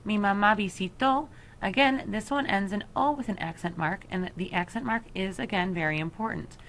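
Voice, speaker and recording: A woman teacher explaining a Spanish grammar lesson to her students, slowing down to spell out each verb form. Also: mid-range voice, a bit bright, a little hiss or hum. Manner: slow, careful explanation with deliberate pauses over verb forms. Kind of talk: recorded flipped-classroom lesson.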